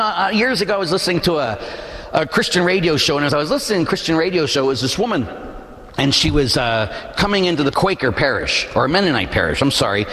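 A man, a parish priest, preaching a sermon with lively storytelling, acting out the voices of the people he quotes. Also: medium pitch. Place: large church. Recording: long church reverb.

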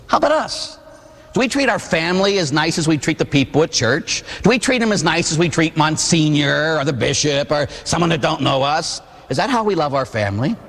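A man in his forties from Pittsburgh, a priest preaching a sermon with animated storytelling and acted-out voices. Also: a little high, big-room sound. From Pittsburgh, USA. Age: 40s. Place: church.

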